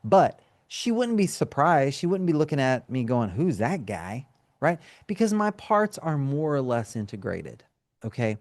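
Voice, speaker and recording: A man's voice: a little high, very animated, normal speed, no room sound, studio quality. A male counselor and trauma specialist, a guest in an interview, explaining things in a teacherly way and often checking in with "right?" and "okay?".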